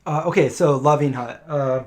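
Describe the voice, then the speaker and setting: A man's voice: on the high side, moderate pace, darkish tone. A middle-aged man hosting a casual live question-and-answer stream, telling rambling anecdotes and acting out the voices of people he quotes.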